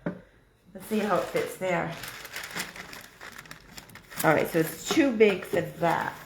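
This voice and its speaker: A woman hosting a casual live craft stream, chatty and excitable, thinking out loud as she works. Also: on the low side, takes it slowly, roomy sound, background noise. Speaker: craft livestream host.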